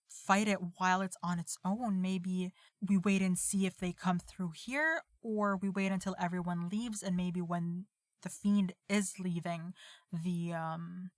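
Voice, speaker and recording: A woman's voice: lowish voice, no room sound, studio quality. A woman playing a tabletop game, talking hesitantly with many fillers. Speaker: player. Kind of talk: casual tabletop play.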